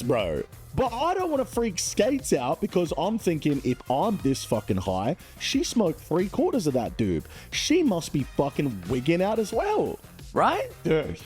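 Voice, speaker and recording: A young man streaming live, telling a wild story to his chat in a casual, profane and animated way. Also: a little slow, soft background music. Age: young adult. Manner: animated and profane, swinging from loud outbursts to low mutters.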